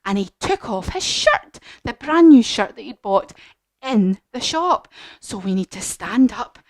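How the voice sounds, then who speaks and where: Lady teaching kids yoga through a story, sing-songy, bouncy pitch, dry sound. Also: measured pace, dry recording. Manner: animated, encouraging, sing-song. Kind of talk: storytelling yoga lesson for children.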